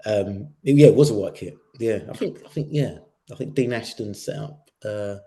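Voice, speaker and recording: A man's voice: lowish voice, moderate pace, warm tone. Earnest man, podcast co-host, repeats himself, lots of fillers. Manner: earnest, repeats himself, many fillers like "yeah" and "sort of thing". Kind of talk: casual chat.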